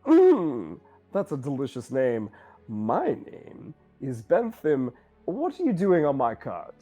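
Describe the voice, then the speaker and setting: Flamboyant tabletop merchant, sly and drawn-out, higher and brighter, a game master putting him on. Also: male voice, huge pitch swings, faint music behind, heavily acted. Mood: smug. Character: flamboyant male blue-skinned merchant, smug.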